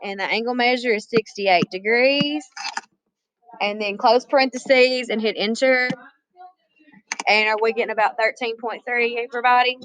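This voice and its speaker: A woman's voice: on the high side, normal speed, a bit bright, poor audio. Chatty woman teaching math. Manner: chatty, asks the class questions, addresses students as y'all. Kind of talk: classroom lesson.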